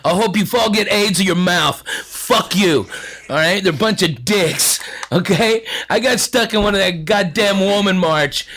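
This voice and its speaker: A man on a casual podcast rants loudly, mocking and swearing as he goes. His voice sits very high for a man. It is bright and sharp-edged. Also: a little slow. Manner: loud, profane, mocking.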